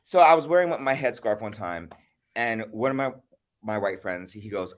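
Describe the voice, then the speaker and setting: Animated man hosting a chat show. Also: fairly low pitch, normal speed. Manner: animated storyteller. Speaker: host. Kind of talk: casual livestream chat.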